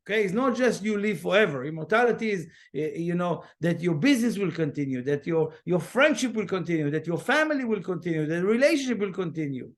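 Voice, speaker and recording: A man with a strikingly high voice lectures a class on spiritual matters. His delivery is animated and loose, full of restarts and fillers, and he slips into the voices he quotes. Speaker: spiritual teacher.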